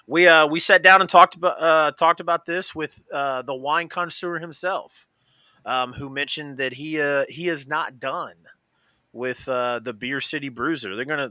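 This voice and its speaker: A man talks loosely on a live-streamed wrestling show, circling back with plenty of fillers and restarts. His voice is bright and sharp-edged. The sound is dry and close, with no room around it. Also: medium pitch, no room sound. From American Midwest. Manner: rambling, many fillers and restarts. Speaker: podcast co-host. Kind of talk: casual live-stream chat.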